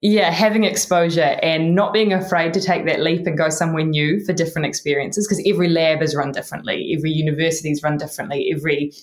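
New Zealand woman, low voice, roomy echo. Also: fairly even intonation, fast talker, hardly any pauses. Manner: warm, earnest, often says "really". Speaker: neuroscientist guest. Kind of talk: interview answers.

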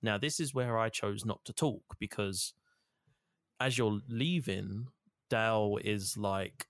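A man's voice: on the low side, normal speed, no echo, studio quality. A man in casual chat, rambling through a game recap, swearing freely and acting out the characters. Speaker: podcast co-host recapping a game.

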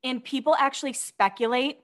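A woman's voice: high voice, fairly quick. A woman co-hosting a podcast, chatting casually and reading out celebrity gossip items with gushing asides. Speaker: podcast co-host.

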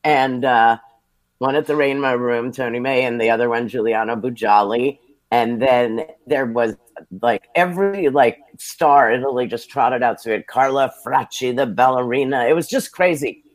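A U.S. television producer shares lively, self-deprecating tales from his working life during a casual interview. His pitch is medium and his pace moderate.

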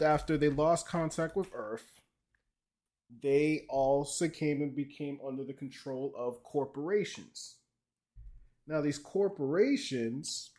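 A man hosting a podcast, casually explaining a video game's story and joking with his co-host. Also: a little high. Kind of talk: casual chat.

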